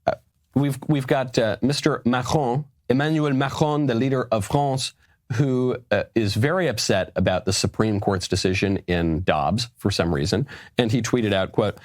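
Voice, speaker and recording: A man's voice: mid-range voice, animated, normal speed, no room sound, clean studio sound. A man giving political commentary in a sarcastic, lecturing way. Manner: sarcastic, lecturing, laughs at his own points.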